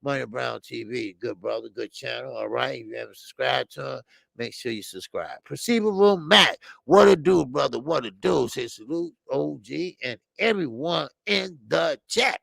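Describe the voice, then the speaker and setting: A man's voice: mid-range voice, expressive, moderate pace, vocal fry, a bit bright, no echo. A man hosting a boxing call-in show, talking casually and animatedly, rambling with many restarts.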